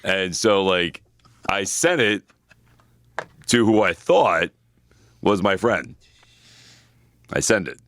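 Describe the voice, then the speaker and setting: A man's voice: deep voice, animated, slow pace, long pauses, a bit bright, no room sound. A man co-hosting a casual podcast, talking animatedly and swearing freely, with lots of "you know" fillers. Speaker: co-host.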